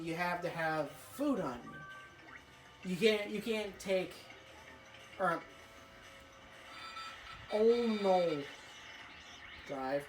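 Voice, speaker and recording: Excitable, profane gamer storyteller; animated delivery, roomy sound with light music under. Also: female voice, medium pitch. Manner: swears a lot, rambling, excitable outbursts. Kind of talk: casual let's-play storytelling. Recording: echoey room, faint music.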